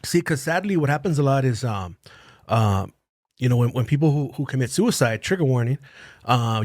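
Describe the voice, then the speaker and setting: A man in casual podcast chat, swearing freely and acting out what other people said in animated bursts. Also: mid-range voice, no echo, clean studio sound. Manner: profane, animated, acts out quoted dialogue.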